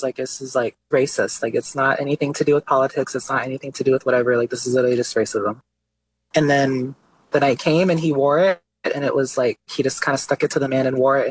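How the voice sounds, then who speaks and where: A man speaking as an interview guest, easygoing and conversational, his words running on with little fillers. His voice sits at an ordinary pitch. The sound is close and dry, with no room around it. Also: no room sound, poor audio. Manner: relaxed, chatty, many fillers like "like" and "you know". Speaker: artist guest. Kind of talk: casual interview talk.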